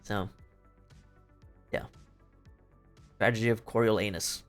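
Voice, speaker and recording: A man's voice: lowish voice, steady tone, takes it slowly. A young man streaming, casually retelling a play in a rambling, profane way, laughing often. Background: faint music.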